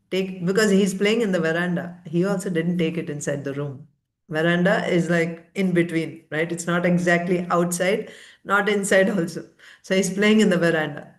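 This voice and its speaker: A woman teaching a devotional scripture class, retelling the story and explaining it, often checking in with her listeners and laughing softly. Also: lowish voice, moderate pace.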